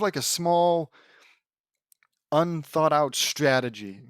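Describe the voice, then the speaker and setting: A man's voice: measured pace, dry recording, clean studio sound. A man reading a fan fiction story aloud in a casual way, often stopping to make sarcastic comments about it. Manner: reads lines in a raised pitch and breaks off to comment sarcastically. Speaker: reader of a fan fiction audiobook.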